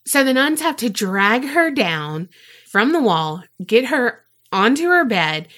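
A woman co-hosting a podcast, telling a story in casual chat, animated and swearing freely. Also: a little high, slow pace. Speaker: podcast co-host.

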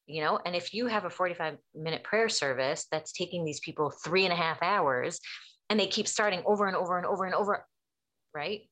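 A woman's voice: on the low side, fairly quick. A woman therapist explaining things in casual chat, acting out quoted dialogue as she tells stories. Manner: animated storyteller acting out quotes.

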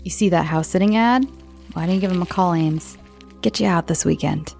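A distracted middle-aged dad at the breakfast table tosses off a casual suggestion in an offhand, gravelly voice, as an American woman narrating a storybook puts him on. The delivery stays close to a plain reading voice. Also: lowish voice, a little fast, a little mellow, faint music behind.

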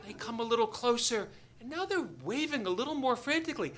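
This doctor's voice is extremely high, and he tells his true personal story a little fast, with hardly any pauses. Animated and joking, he performs the voices of the people in it for a live audience.

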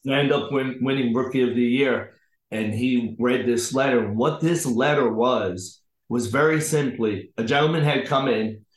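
A man's voice: mid-range voice, moderate pace, echoey room. A man who is a podcast guest tells a story in a casual, conversational way and acts out the people in it. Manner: animated storyteller acting out the people in his stories.

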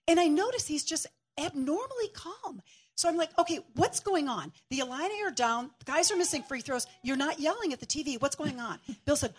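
High-voiced woman preaching with stories. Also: a little fast. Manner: lively, laughing storyteller. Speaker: guest preacher. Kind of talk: shared sermon with storytelling. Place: church.

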